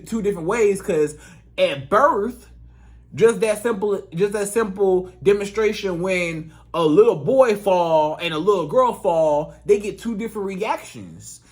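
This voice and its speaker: A relationship coach with a high-pitched voice speaks a little slowly in a casual, emphatic monologue of advice. He repeats his points in colloquial speech.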